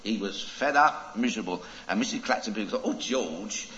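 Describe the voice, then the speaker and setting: A preacher tells a children's story with a moral, dramatic and drawn out. His pitch swings widely. The recording is a little dull, with faint hum behind him. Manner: animated, dramatic, drawn-out phrases.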